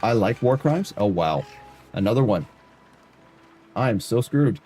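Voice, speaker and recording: A man's voice: on the low side, expressive, measured pace, mellow, slightly rough, faint music behind. A man from Canada, a variety streamer chatting casually and jokingly with his live-stream chat.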